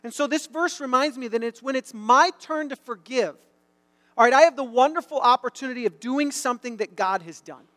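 A middle-aged man preaching a sermon, telling a story and building to loud, emphatic bursts. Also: very high-pitched, brisk. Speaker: pastor. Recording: long hall reverb.

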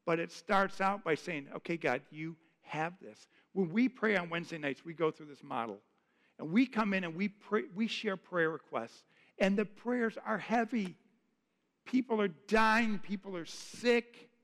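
Pastor, male, slightly high voice, earnest conversational sermon delivery, long reverb of a church hall. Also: moderate pace, a bit bright. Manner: earnest, conversational preaching with repeated phrases.

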